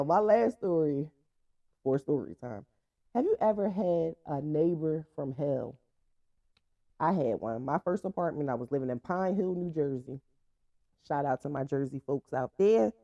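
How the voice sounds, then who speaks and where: Deep and warm, this young podcast host's voice carries no echo as she tells stories on her own show. She hails from Franklin, Virginia, USA, and her casual monologue is blunt, profane, and laughing, with dull, dry lo-fi audio.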